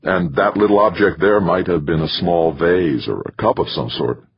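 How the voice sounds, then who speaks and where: A man voicing a subdued male anthropologist speaking in a hushed, half-whispered way. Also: low-pitched, moderate pace, creaky, breathy edge, muffled recording, heavily acted.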